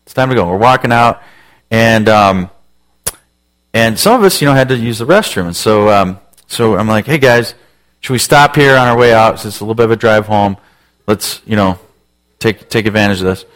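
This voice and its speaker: A man's voice: fairly low pitch, normal speed, a bit bright. A man in his forties, a pastor telling a self-mocking story in a sermon, acting out voices with lots of energy.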